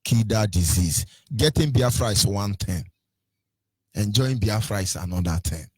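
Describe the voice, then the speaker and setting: A man's voice: fairly low pitch, lively intonation, measured pace, a little mellow, breathy edge, dry recording. A Nigerian man hosting a radio talk, preaching about culture and slipping into pidgin and sing-song mimicry. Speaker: radio host.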